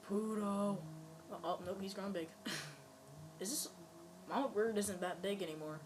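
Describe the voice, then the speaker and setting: A woman's voice: mid-range voice, animated, takes it slowly, background noise. A woman giving casual let's-play commentary, rambling playfully and talking at other players. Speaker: gameplay commentator.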